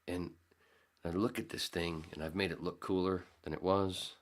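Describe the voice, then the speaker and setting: A man's voice: deep voice, moderate pace. A man hosting his own podcast, rambling casually and sarcastically, swearing freely. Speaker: podcast host. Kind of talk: casual solo podcast talk.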